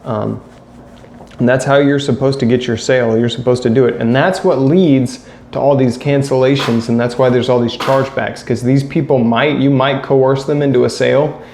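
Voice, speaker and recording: A man's voice: medium pitch, steady tone, moderate pace, gravelly, a little mellow. Blunt man ranting in an echoey room. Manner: blunt, critical, repeats himself. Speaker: vlogger. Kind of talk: casual rant to camera. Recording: echoey room with faint ambient noise.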